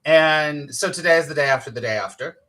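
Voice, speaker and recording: A man's voice: a little high, fairly quick, sharp tone. A man, a spiritual teacher hosting a casual live-streamed morning talk, chatty and playful, laughing often and greeting viewers by name.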